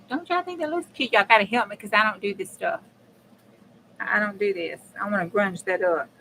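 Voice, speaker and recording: A woman's voice: on the high side, pushed and bright, a little hiss or hum, low-quality recording. Woman, crafting livestream host; blunt, casual cussing, chats right to viewers. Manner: chatty and blunt, swears casually, talks to viewers. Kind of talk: casual live crafting chat.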